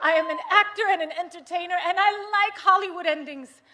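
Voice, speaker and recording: A woman from the United States giving an impassioned political rally speech, moving from hushed, earnest talk to rousing shouts. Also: extremely high pitch, a little fast, slight background noise. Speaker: rally speaker. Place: large rally venue with a cheering crowd.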